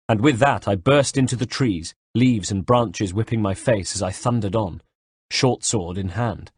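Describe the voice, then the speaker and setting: Male audiobook narrator, low breathy voice, dry close sound. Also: a little slow, a little mellow, no room sound. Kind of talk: first-person audiobook narration.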